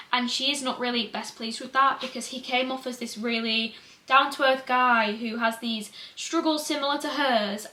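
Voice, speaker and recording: A woman's voice: a little high, bright, forceful tone. A young woman, chatting casually and enthusiastically about books in a reading vlog. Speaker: book vlogger. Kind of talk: casual chat. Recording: echoey room.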